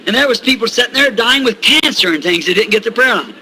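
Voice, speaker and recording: High, piercing older preacher telling a story. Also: male voice, expressive, fast, bright, forceful tone, a little hiss or hum, rough recording. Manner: folksy, chuckling anecdote telling. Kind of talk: sermon storytelling.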